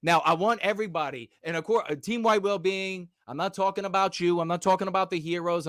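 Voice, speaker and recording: A male livestream host ranting at his audience, combative and profane, sometimes rising to shouts. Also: high voice, dry recording, clean studio sound. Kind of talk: livestream rant.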